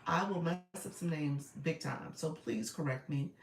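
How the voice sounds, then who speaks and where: A woman's voice: low-pitched, animated, normal speed. A woman hosting a casual live stream, greeting viewers by name and chatting, with many fillers and laughs. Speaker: live stream coach and host. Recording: roomy, distant phone audio with faint noise.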